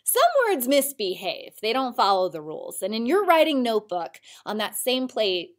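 A woman teacher giving a recorded spelling lesson to children, speaking slowly and clearly in an encouraging way. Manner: slow, clear, encouraging teacher voice with lively pitch.

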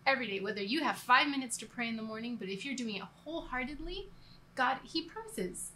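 A woman's voice: on the high side, lively intonation, quick pace, bright, forceful tone, a little hiss or hum. A woman giving a casual, earnest church talk, rambling with restarts and laughing at herself now and then. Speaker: church co-leader. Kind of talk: conversational church teaching.

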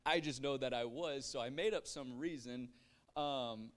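A young man, a pastor, telling his life story in a relaxed, chatty way, full of "like" fillers and light self-mocking humor. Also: mid-range voice, unhurried. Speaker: pastor sharing testimony. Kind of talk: casual personal testimony.

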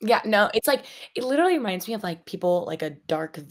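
A young woman in her twenties, co-hosting a casual podcast chat, animated and giggly, acting out what people say. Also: mid-range voice, fast. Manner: animated, giggly, acts out quotes. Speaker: podcast co-host.

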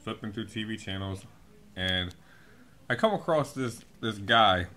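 A man's voice: lowish voice, animated, measured pace, pushed and bright. A man delivering a profane comedic rant, swearing constantly in a laid-back drawl that flares up in exasperation. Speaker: vlogger.

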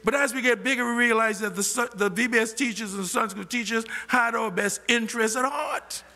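Older guy preaching, high gravelly voice, asks the church to finish his lines, long echo from a big church hall. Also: a little fast, bright, forceful tone. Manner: asks the congregation questions and has them finish his sentences. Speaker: pastor. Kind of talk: sermon. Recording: long reverb of a large hall.

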